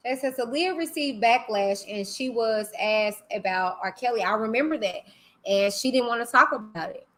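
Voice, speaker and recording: A woman's voice: fairly high pitch, normal speed. A woman hosting a live stream, talking bluntly and animatedly in casual commentary. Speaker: livestream host.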